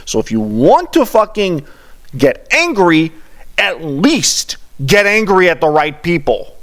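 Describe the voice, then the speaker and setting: A high-voiced man rants over a video he is reacting to, his pitch leaping up and down as he mocks and curses. He swears almost every line and sounds thoroughly fed up. He talks at an unhurried pace. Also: very animated, fairly bright tone. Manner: profane, exasperated, mocking ranting. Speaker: reaction commentator.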